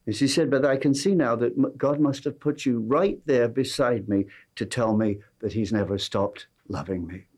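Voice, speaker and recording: A man's voice: medium pitch, moderate pace, hardly any pauses, darkish tone. A man with an English accent, a pastor preaching a sermon and telling a personal story with dry humor and earnest appeals to his congregation. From England.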